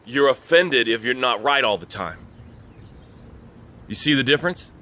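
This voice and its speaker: A middle-aged business coach delivers a motivational talk, earnest and emphatic, returning to the same phrases over and over. His voice sits in a man's ordinary middle range and sounds bright and forceful, with lively intonation and a moderate pace.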